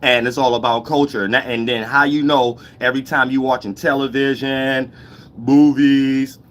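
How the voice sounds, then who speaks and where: Animated man with a bright, forceful voice. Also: mid-range voice. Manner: animated, laughing, fast-talking street slang. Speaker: host. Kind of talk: casual monologue.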